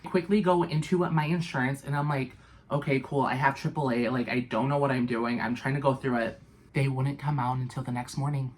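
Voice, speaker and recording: A young woman vlogger telling a storytime tale in a casual, animated way, full of fillers and swearing. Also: extremely low pitch, normal speed.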